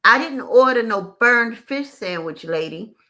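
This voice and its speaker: A woman voicing a hungry, frustrated young man who speaks sternly and deliberately. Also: fairly high pitch, lively intonation, bright, forceful tone, voice pushed up. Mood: exasperated.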